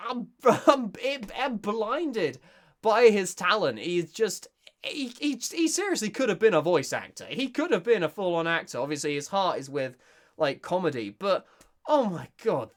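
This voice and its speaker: Excitable British voice actor. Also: mid-range voice, normal speed. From Britain. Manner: excitable, gushing, stumbling restarts. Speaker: voice actor reacting to clips. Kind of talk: casual reaction commentary.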